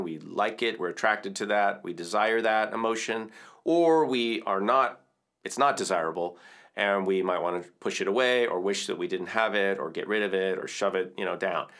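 Male educator and podcast host, lowish voice, gentle and conversational, reflective teaching talk. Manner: gentle, conversational, often checks in with "right?".

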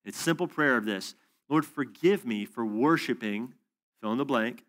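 A man preaches at a conference breakout session in an everyday, mid-pitched voice. He tells stories loosely, with fillers and asides, and now and then rises in pitch and volume to stress a point. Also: animated, normal speed, fairly bright tone. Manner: storytelling, conversational with asides and fillers.

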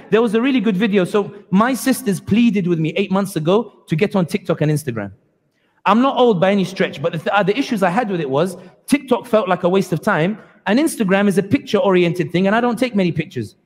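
A man giving a passionate, sarcastic public lecture at a community event, acting out quoted speakers. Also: high-pitched. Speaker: guest speaker. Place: community hall. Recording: long hall reverb.

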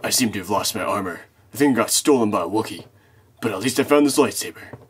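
A man doing a gruff bounty hunter, low and mumbly. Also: expressive, fast, slight background noise, natural voice. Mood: grumbling. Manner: low, mumbled, self-mocking put-on voice. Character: gruff male bounty hunter who lost his armor.

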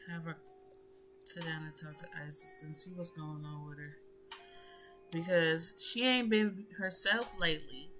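A woman's voice: on the low side, fairly bright tone. Chatty woman narrating her gameplay. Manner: chatty, slangy, addresses viewers as y'all. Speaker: gaming YouTuber. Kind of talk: casual gameplay commentary. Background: music.

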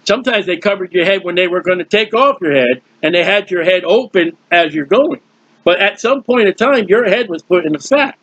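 Husky high-voiced man teaching scripture. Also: lively intonation, fairly quick, a bit bright, no room sound, lo-fi sound. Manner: conversational, explains with everyday comparisons, frequent restarts. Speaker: Bible teacher. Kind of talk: informal verse-by-verse Bible teaching.

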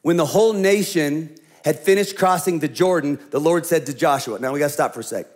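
A man, a senior pastor, preaching a sermon in an animated storytelling manner, often dropping to a hushed, slow voice for emphasis. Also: fairly high pitch.

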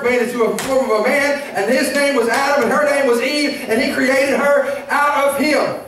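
A man preaching a lively sermon as pastor, shouting, laughing and calling out to the congregation. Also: very high voice, normal speed, hardly any pauses, a little hiss or hum. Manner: preaching with call-and-response asides. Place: church sanctuary. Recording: very echoey church hall, mic at a distance.

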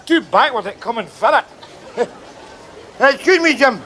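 A man's voice: very high voice, animated, moderate pace, bright, forceful tone, some chatter behind, a little hiss or hum, exaggerated voice. An actor with a Glaswegian accent playing a scruffy, boastful working man on holiday in a sitcom, rambling and chuckling. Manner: rambling, cheeky, chuckling asides. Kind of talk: sitcom acting.

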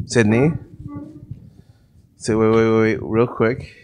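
A man's voice: lowish voice, level tone, slow pace, darkish tone, a little hiss or hum. A young man co-hosting a casual podcast, teasing his friends and laughing a lot. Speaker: podcast co-host.

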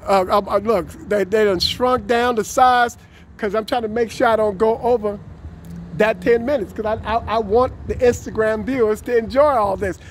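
A man vlogging outdoors on a city street, greeting passing drivers and strangers with effusive, warm words and frequent laughter, repeating his catchphrases. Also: sits high, steady tone, moderate pace, a little hiss or hum. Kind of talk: upbeat street vlog. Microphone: camera he films himself with.

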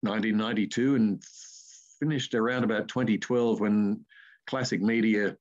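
In lo-fi sound, an older voice artist with an Australian accent speaks in a lowish voice at a moderate pace. As a guest in a casual interview, he rambles through anecdotes with spirited asides.

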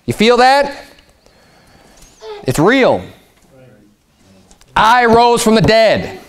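Guy preaching, doing jesus as a patient, coaxing man, voice pitched up high. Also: sing-song, extremely slow, full character voice. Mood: reassuring. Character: risen adult male Jesus, patient and reassuring.

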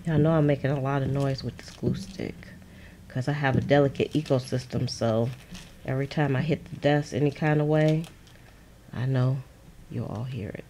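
A low-pitched woman chats away as she crafts at her desk. Her talk is loose and playful, and she often laughs and answers viewers. A faint hiss sits under the recording. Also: fairly even intonation, moderate pace. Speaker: crafting channel host. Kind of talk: casual crafting livestream chat.

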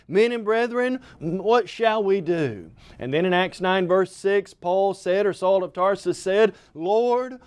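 A man preaching a televised sermon, stressing key phrases by slowing down and dropping his voice. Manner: emphatic, slows and drops pitch on key phrases.

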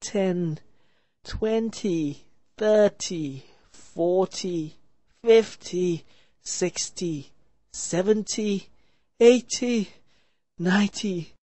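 A woman's voice: on the low side, drawn-out words, long pauses, dark tone, no room sound. A woman doing a weary, worn-out storybook brother. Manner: weary, dragging counting. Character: tired slow-walking male brother.

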